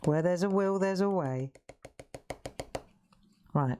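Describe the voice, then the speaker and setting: A woman's voice: lowish voice, slow pace, noisy background. A woman hosting a live colouring demonstration, chatting, laughing often and making self-mocking asides. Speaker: craft show host.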